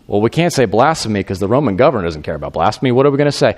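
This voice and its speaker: A man's voice: lowish voice, racing, few pauses. A male pastor retells a story in a conversational sermon. He speaks to the congregation directly, tosses in asides, and his voice climbs when he acts out the people in the story. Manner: animated, acts out the quoted figures in a raised voice.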